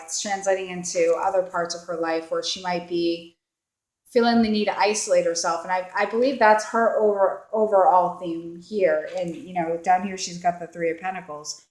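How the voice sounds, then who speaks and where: A woman giving a casual tarot reading, rambling with lots of fillers and acting out the thoughts of the people in the cards. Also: on the low side. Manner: rambling, filler-heavy, acts out quoted thoughts. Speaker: tarot card reader. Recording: roomy echo.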